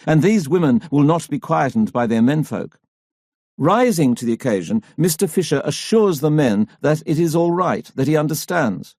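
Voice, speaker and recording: This is scripted narration of a history audiobook by a man with a medium pitch, delivered in a measured, even storytelling way. The sound is clean studio audio without any room sound.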